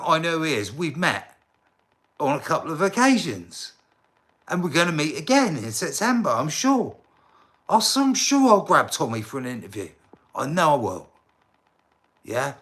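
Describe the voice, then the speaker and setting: Fairly bright and on the high side, this English man's voice carries a loose, rambling livestream. He addresses his chat viewers directly, with occasional indignant outbursts.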